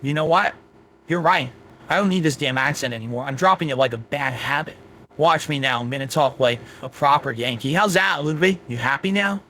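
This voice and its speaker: A man's voice: medium pitch, a little fast, pushed and bright, slight background noise, close to an everyday voice. A man's AI voice playing a rude, foul-mouthed male chatbot with a Southern US accent who insults the streamer. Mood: snide. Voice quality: crude, insulting, grumpy. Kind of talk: AI voice chatbot replies.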